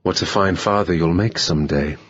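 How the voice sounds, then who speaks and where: A man's voice: low voice, a little fast, husky, no room sound, lo-fi sound. A man doing a cold, contemptuous operative. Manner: contemptuous, calm.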